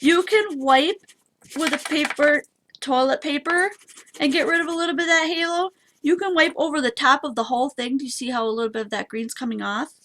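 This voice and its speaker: A woman's voice: high-pitched, brisk, fairly bright tone, slight background noise. A woman hosting a live papercraft stream, chatty and bubbly as she demonstrates and talks to her viewers. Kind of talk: casual craft demonstration.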